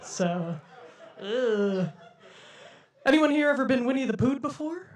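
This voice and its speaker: A woman's voice: high voice, expressive, unhurried, far from the mic. A young woman performing a stand-up comedy set for a live audience, with a playful, giggly delivery and frequent laughs.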